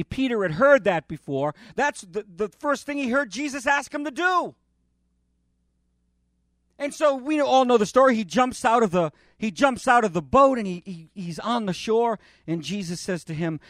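A male pastor preaching a sermon with passion, swinging between loud declarations and quiet asides, often restarting phrases. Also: a little high, dry recording, studio quality. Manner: impassioned, with dramatic rises and drops in volume; repeats himself and restarts while preaching.

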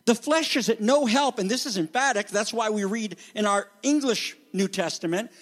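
A man's voice: high-pitched, normal speed, few pauses, fairly bright tone. A pastor, a man, preaching an expository sermon with emphatic, dramatic delivery. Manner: emphatic, dramatic teaching that acts out quoted voices.

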